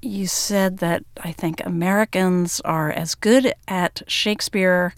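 A woman's voice: lowish voice, steady tone, no room sound. Woman interviewer, dry and close. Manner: measured, thoughtful questioning. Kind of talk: interview questions.

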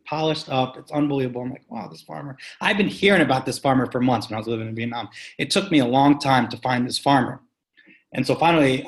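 Emphatic man telling a farm story. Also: medium pitch. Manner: animated, emphatic, swears casually. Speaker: guest, sustainable farming practitioner. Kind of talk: conversational storytelling.

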